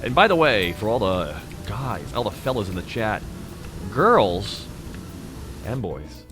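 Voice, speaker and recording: A man in his thirties talks with his live chat in a deep, low voice, sitting close to the microphone. He teases and jokes in a loose, casual way. Music plays clearly behind him. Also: big pitch swings, slow. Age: 30s. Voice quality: naturally deep voice. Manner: joking, teasing, talks straight to chat. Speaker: VTuber streamer.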